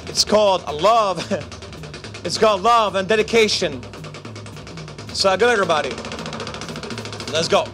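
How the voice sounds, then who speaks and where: A man with a high voice hosts a live casino game over music, chatting playfully and joking with viewers between rounds. He keeps a measured pace and pauses often.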